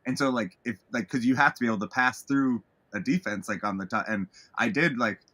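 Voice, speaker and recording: A man's voice: mid-range voice, a little fast, pushed and bright, husky. A man hosting a casual interview chat, rambling with many restarts. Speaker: podcast host.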